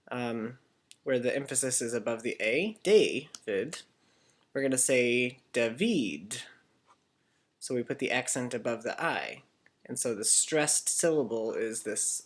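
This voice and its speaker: A man teaching a casual lesson for children, chatty and correcting himself as he goes. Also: mid-range voice. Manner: chatty, self-correcting, asks kids to repeat.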